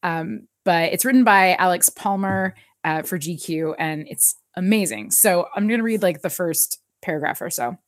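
A woman's voice: fairly low pitch, animated, normal speed, few pauses, dry recording. Chatty woman podcast host, dry sound. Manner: chatty, many fillers, reads an article aloud. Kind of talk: casual chat recapping a TV episode.

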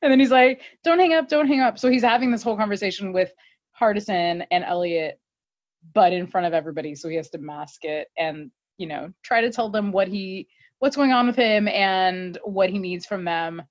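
A woman casually recapping an episode, telling it in an animated way with lots of "like" and laughter. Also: lowish voice, normal speed, no room sound. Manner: animated storytelling with many fillers and laughs. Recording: dull, slightly muffled dry audio.

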